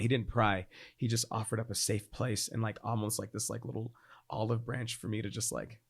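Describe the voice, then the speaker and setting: A man in his thirties, a podcast guest, telling a personal story in a casual, animated way, acting out quoted voices and laughing often. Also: normal speed. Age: 30s. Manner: animated, acts out quoted voices with big pitch jumps; laughs often, frequent fillers like "like".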